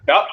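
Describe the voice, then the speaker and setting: A man's voice: a bit bright, poor audio. A man hosting a casual talk show, joking and laughing often. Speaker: podcast host. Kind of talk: casual chat.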